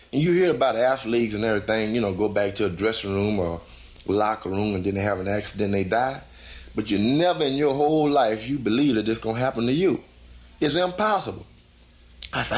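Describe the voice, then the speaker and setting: A man gives a live spoken testimony in folksy, loosely conversational phrasing. When he acts out his own inner voice, he goes higher and louder.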